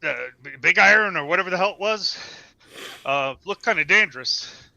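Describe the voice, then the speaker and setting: A man playing a wary character in a tabletop game, stammering as he works out what to say. His tone is very bright and sharp, the pitch slightly raised. The sound is dull and lo-fi, yet dry and close. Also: moderate pace, creaky, no room sound. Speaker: player. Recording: dull lo-fi line.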